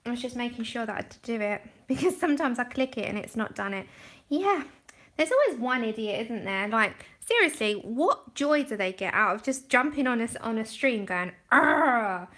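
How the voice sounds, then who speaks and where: A woman's voice: fairly high pitch, animated, normal speed, fairly bright tone. Chatty woman hosting a livestream. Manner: chatty, explains steps to viewers and thanks them by name. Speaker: livestream art host. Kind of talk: casual chat while demonstrating colouring.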